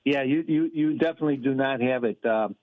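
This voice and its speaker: A male caller comes through a thin, tinny phone line, his voice sitting at an average pitch. He rambles in a folksy way, stacking fillers and restarts as he tells his story. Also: brisk. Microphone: telephone.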